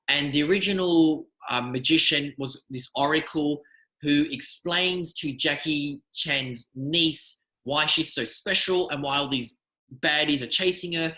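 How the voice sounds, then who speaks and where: A man, a magician, telling animated, rambling anecdotes in a casual interview. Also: on the high side, roomy sound, poor audio. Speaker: magician guest.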